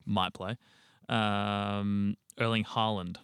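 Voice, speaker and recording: A man's voice: on the low side, level tone, takes it slowly, a bit bright, clear, resonant tone, dry recording, studio quality. A young man, co-hosting a casual sports podcast and rambling through team news with casual swearing. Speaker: podcast co-host.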